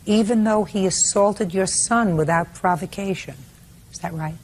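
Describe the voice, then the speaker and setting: An older woman presiding as a TV courtroom judge, cross-examining in a sharp, rapid-fire way. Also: mid-range voice. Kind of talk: courtroom questioning.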